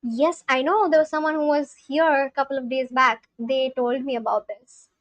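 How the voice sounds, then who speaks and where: A woman's voice: high-pitched, fairly even intonation, moderate pace, no echo, dull audio. A woman live-streaming in casual chat, reading viewer comments aloud and asking them questions. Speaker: live-streamer learning a language.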